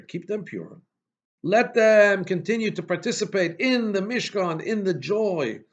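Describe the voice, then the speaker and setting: Rabbi guy teaching a torah class, gravelly voice, kinda muffled lo-fi recording. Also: fairly high pitch. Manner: questioning, emphatic, frequent restarts and Hebrew terms.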